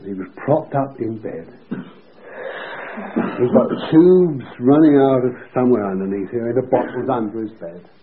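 A preacher telling a story in his sermon, acting out the voices and moving between hushed and loud delivery. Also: mid-range voice. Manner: vivid, acts out quoted voices, swings between hushed and shouting. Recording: lo-fi phone-like recording.

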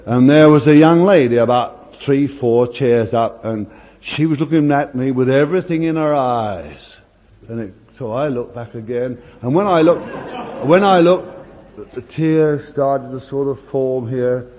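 An older man preaching a sermon as a story, moving between hushed asides and emphatic lines. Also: mid-range voice. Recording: dull recording with long hall reverb.

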